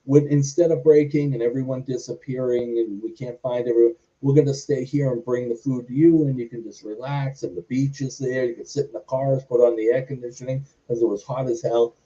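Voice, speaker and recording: Dark-voiced storyteller. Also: male voice, mid-range voice, steady tone, a little fast, few pauses. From Boston, US. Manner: goes off on tangents, acts out quoted dialogue. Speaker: guest, former wrestler and stuntman. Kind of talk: rambling anecdotal storytelling. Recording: distant, muffled audio.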